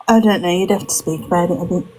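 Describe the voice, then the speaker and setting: A woman's voice: on the low side, quick pace, dark tone, breathy edge, rough recording. A woman in casual chat, amused and teasing as a co-host.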